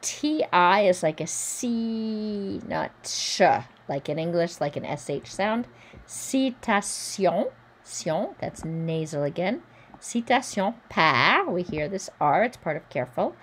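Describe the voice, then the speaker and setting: A woman giving a pronunciation lesson at an unhurried pace, sounding out each word with care before explaining it. Her pitch sits a little low but moves a lot, rising on the modelled words. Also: lively intonation. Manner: slow, careful modelling of French words with explanations. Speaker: French pronunciation teacher.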